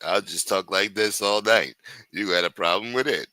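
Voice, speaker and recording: A man's voice: fairly low pitch, moderate pace, bright, forceful tone, no echo. A man hosting a late-night livestream, chatting with viewers in a sing-song voice and full of crude joking banter. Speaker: livestream host.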